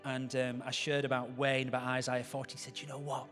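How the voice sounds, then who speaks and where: A man's voice: mid-range voice, completely flat delivery, a little fast, fairly bright tone, soft background music. A man, a pastor giving a sermon in a chatty way, with joking asides to the congregation.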